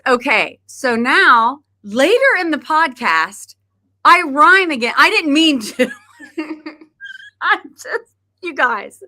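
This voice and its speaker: A woman's voice: high voice, sing-song, slow, pushed and bright. A middle-aged woman hosting a podcast, chatting casually and laughing often as she tells stories. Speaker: podcast host. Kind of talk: casual chat.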